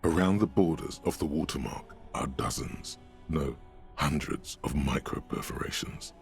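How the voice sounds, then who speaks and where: A man voicing a dry, calm inner-voice narrator in a game, speaking in a measured, gravelly way. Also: faint music behind. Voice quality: deep and gravelly.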